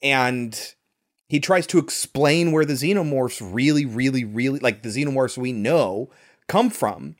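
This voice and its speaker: An American man co-hosting a movie podcast reviews a film in casual conversation, his mid-range voice at a measured pace. He explains at length and swears now and then.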